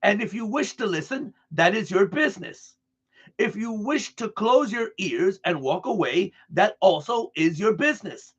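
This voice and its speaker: Guy with a high voice reading a transcript out loud, earnest and careful, kinda muffled lo-fi sound. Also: animated, slightly rough. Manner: earnest, deliberate delivery with restarts over words. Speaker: reader.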